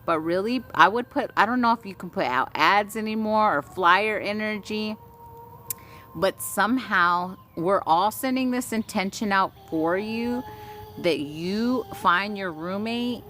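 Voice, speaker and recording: A woman's voice: medium pitch, a little slow, sharp tone. A woman from Texas, giving a casual spiritual energy reading on a live stream, soothing and chatty with frequent giggles. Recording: noisy background with passing vehicles.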